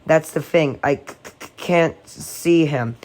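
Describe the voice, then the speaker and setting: Guy reading as a tired hero who stutters, kinda shouty, pitched up a bit. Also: slow. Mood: strained. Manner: shouting, stammers. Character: desperate exhausted young man, stammering leader.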